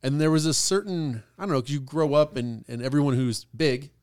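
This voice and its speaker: A man with a voice of ordinary pitch, co-hosting a relaxed chat show. He tells stories from his childhood in a playful, joking way and laughs often. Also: a little fast, clean tone. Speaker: co-host. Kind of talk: casual chat.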